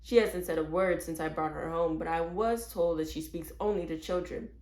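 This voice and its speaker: A woman's voice: on the low side, steady tone, moderate pace, darkish tone, lightly acted. A woman voicing a worried, polite mother in a read-aloud storybook. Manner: fretful, polite. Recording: roomy echo.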